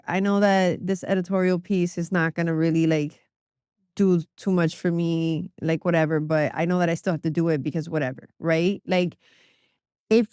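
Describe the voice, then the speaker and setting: Chatty woman with a lowish voice. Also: darkish tone, no room sound, studio quality. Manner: chatty, filler-heavy, says "like" often. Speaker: music publicist, guest. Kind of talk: casual podcast conversation.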